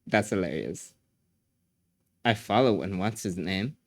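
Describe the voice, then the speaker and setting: A man's voice: deep voice, expressive, measured pace, no room sound, clean studio sound. A man streaming live, chatting casually with his viewers, joking, laughing often and filling his talk with "like".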